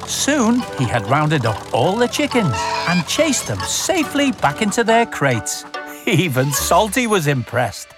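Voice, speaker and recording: A woman reading a children's storybook aloud in an expressive, animated way. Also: lowish voice, unhurried, music in the background.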